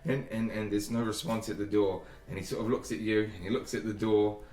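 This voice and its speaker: A man's voice: lowish voice, level tone, brisk, mellow. A man narrating as dungeon master in a tabletop game, rambling loosely with frequent restarts. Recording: echoey room, far from mic.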